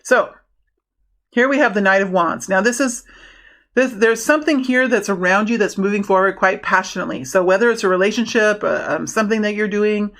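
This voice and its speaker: A woman's voice: mid-range voice, a little fast, a bit bright. A woman giving a casual tarot reading to her viewers, rambling and friendly, with many restarts and fillers. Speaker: tarot reader.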